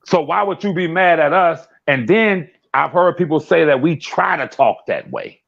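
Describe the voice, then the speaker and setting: A man talking bluntly in a casual live-stream chat, animated, swearing and often laughing. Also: fairly high pitch, normal speed, gravelly. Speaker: guest commentator. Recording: dull lo-fi stream audio.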